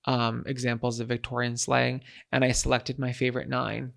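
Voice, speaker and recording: Playful chatty man with a gravelly voice. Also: mid-range voice, monotone, normal speed, a bit bright. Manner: playful, chatty, many fillers. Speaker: podcast co-host. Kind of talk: casual comedic chat.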